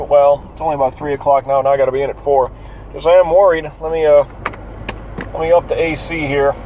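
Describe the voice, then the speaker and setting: A man with a fairly high voice talks to himself from behind the wheel, rambling and swearing at traffic. He sounds tired and drifts from topic to topic. The recording is dull and lo-fi, with faint road noise underneath. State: yawning and tired. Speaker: vlogger. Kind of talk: casual driving monologue. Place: inside a car while driving.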